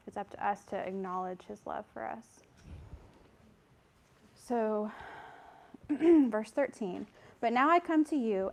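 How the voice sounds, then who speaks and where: A woman teaching a Bible study and reading scripture aloud, earnest and conversational, a little out of breath at the mic. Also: medium pitch. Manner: earnest, conversational, apologetic asides. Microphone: microphone.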